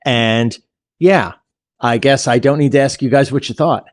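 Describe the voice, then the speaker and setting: A man's voice: mid-range voice, normal speed, no echo, studio quality. A man co-hosting a podcast in casual chat, explaining himself plainly. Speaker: podcast co-host.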